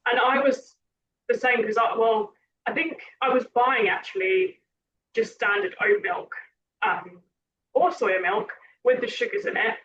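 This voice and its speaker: High-voiced, slightly hoarse woman. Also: fairly bright tone. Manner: chatty, rambling, self-correcting. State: slightly hoarse, losing her voice. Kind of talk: casual podcast chat. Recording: distant muffled mic with background noise.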